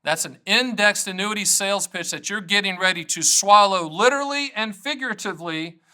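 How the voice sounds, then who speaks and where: A middle-aged man, an annuity agent, talking straight to camera in an energetic, joking way that wanders off on tangents. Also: sits high, a little fast. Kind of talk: casual direct-to-camera talk.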